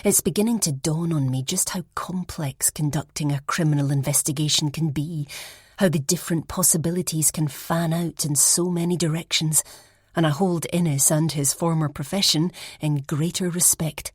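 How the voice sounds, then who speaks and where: A woman narrating a first-person mystery audiobook in an even, measured storytelling manner. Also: deep voice, husky, dry recording, studio quality.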